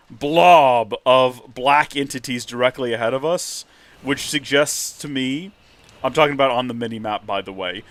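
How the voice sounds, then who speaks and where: A man's voice: medium pitch, normal speed, fairly bright tone, dry recording. A man hosting a live game stream, chatting and joking about himself as he plays. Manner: chatty, joking, self-deprecating. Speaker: host, gamer.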